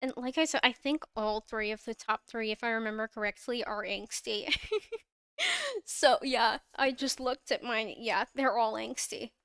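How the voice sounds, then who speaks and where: Young woman, livestream host, gushing fan energy; bright-pitched, very clean voice, dry and close on mic. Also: fairly even intonation, moderate pace, clear, resonant tone, no room sound. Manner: gushing and giggly, frequent laughs and restarts. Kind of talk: casual fandom chat on a livestream. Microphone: own microphone, close.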